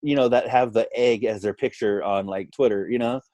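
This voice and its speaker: Animated storytelling man, dry close sound. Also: medium pitch, brisk, no room sound. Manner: animated, quotes others in lively voices. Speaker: podcast guest. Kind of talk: casual storytelling.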